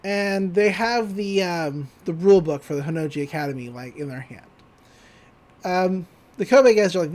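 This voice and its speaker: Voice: medium pitch, expressive, moderate pace, darkish tone. A podcast co-host from Texas giving a rambling, profane recap of a cartoon episode and laughing often.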